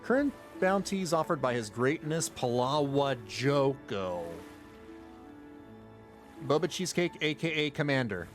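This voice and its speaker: A man's voice: medium pitch, lively intonation, unhurried, soft background music. A man streaming a game, chatting and joking casually, often exclaiming in surprise. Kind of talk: casual live-stream commentary.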